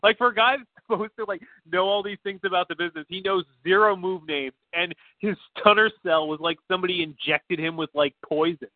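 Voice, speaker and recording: Speaking briskly with few pauses, a high-voiced man co-hosts a podcast in a loose, casual chat, swearing often and using lots of fillers. The audio is dry and comes through like a tinny phone line.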